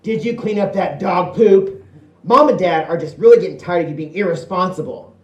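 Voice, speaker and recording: A man voicing his bossy, nagging teenage older sister, who yells loudly and shrilly at her little brother. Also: moderate pace, natural voice. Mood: bossy yelling. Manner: loud, shrill yelling. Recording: echoey hall, distant mic.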